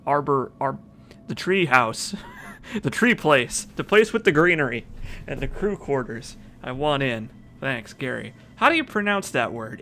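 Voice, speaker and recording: A man's voice: mid-range voice, pushed and bright, slight background noise. A man streaming a video game, chatting casually and reading in-game notes aloud. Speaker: let's play streamer. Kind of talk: casual gameplay commentary.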